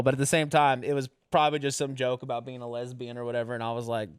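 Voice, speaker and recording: A man's voice: mid-range voice, fairly even intonation, quick pace, clear, resonant tone, no echo, clean studio sound. A young man, a comedian hosting a podcast, telling rambling, profane stories and acting out the voices in them. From rural Western US, grew up rodeoing. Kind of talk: casual storytelling chat.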